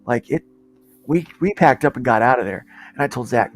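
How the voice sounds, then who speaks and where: A man's voice: medium pitch, normal speed, slight background noise. A man hosting a casual podcast panel, telling a long story in a rambling way with frequent restarts. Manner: rambling, restarts often, animated when telling stories. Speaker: podcast host.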